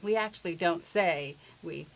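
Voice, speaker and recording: Middle-aged lady accent coach from england, kinda low voice, teasing and demonstrative, dull lo-fi sound. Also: measured pace, gravelly. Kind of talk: interview, explaining with spoken examples. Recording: dull lo-fi recording.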